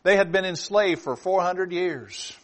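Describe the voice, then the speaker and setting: Male preacher, slightly higher voice, dynamic sermon delivery with loud peaks and quiet asides. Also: measured pace. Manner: dynamic preaching, swings from loud emphasis to low hushed asides. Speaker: pastor.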